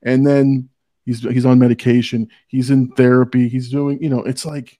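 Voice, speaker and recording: A man's voice: mid-range voice, little pitch movement, moderate pace, mellow, no echo, clean studio sound. A man hosting a podcast, talking earnestly in casual chat and often restarting as he tells personal stories. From Hispanic family background. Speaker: podcast host.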